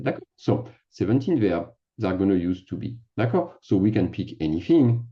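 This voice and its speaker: A man's voice: fairly low pitch, big pitch swings, brisk, muffled recording. A man teaching a casual lesson, chatty and self-mocking as he thinks aloud while typing. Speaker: French teacher. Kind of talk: casual screen-share lesson.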